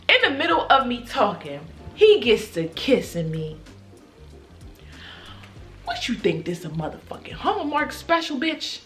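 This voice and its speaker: A woman's voice: a little high, very animated, measured pace, fairly bright tone, soft background music. A young woman from Baltimore telling a dramatic, profane story in a storytime vlog. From Baltimore, USA. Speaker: YouTuber.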